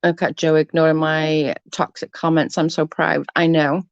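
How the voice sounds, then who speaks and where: A woman's voice: deep voice, little pitch movement, normal speed, dry recording, muffled recording. A woman, congested from hay fever, chatting casually with her livestream viewers and reading out their comments, swearing freely and giggling. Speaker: livestream host reading chat. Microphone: close computer mic.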